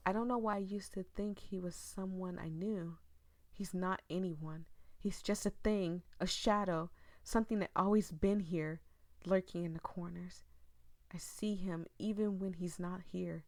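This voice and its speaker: A paranoid, grieving old mother from a horror game, read out by a woman. She speaks in a hushed, intense voice that slips into whispers, pitched low. The sound is dry and close. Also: fairly even intonation, measured pace, no echo. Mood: haunted. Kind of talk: dramatic reading of game text.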